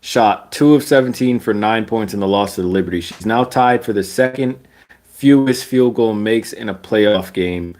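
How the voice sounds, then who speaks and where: A young man giving casual, slangy basketball commentary. He rants, laughs often and mocks other people with sudden high-pitched voices. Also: moderate pace. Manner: animated, laughing, slangy, mocking voices with big pitch jumps.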